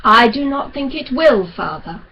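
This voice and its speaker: A woman's voice: a little high, animated, unhurried, highs cut off, slight background noise, heavily acted. A woman reading as a sardonic young son. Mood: quietly defiant. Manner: sardonic, hesitant, quiet.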